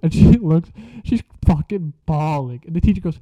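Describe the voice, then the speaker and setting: Young guy with a slightly high voice, cussing and laughing thru a story, dry muffled audio. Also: moderate pace, few pauses, mellow, dry recording. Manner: slangy, profane, laughing as he tells it. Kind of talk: casual storytelling. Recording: dull lo-fi sound.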